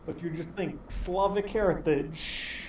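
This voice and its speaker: During casual chat at a tabletop game, a player cracks wry, teasing jokes and laughs a lot. The voice is mid-range, somewhat slow and mellow, captured by a distant mic in an echoey room with background noise.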